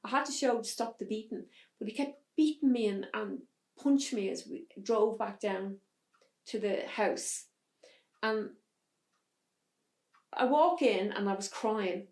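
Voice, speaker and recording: A woman telling a hard personal story as an interview guest, in a halting way with restarts. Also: mid-range voice, a little mellow, reverberant. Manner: halting, restarts under strain. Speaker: podcast guest.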